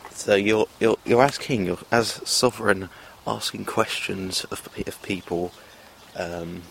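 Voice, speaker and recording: A man's voice: fairly low pitch, measured pace, vocal fry, slight background noise. A man talking to camera in a rambling, hesitant monologue, full of fillers and restarts. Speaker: vlogger. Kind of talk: casual self-filmed monologue.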